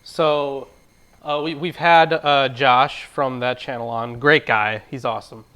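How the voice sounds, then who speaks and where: A man's voice: medium pitch, steady tone, a little slow, pushed and bright. A man hosting a casual livestream chat, talking loosely and swearing freely. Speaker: host.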